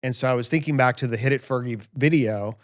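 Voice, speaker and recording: A man hosting a family podcast from a home studio. He tells everyday stories with animation and pokes fun at himself. His voice sits at a middle pitch. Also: fast. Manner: storytelling, animated and self-mocking. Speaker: podcast host. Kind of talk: casual family podcast chat.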